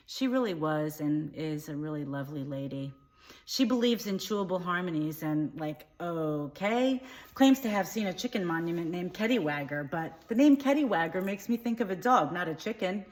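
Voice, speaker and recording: A woman playing a naive, opinionated young woman in a comedic monologue, rambling chattily in a deadpan way. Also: fairly low pitch, lightly acted. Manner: free-associating, chatty, deadpan.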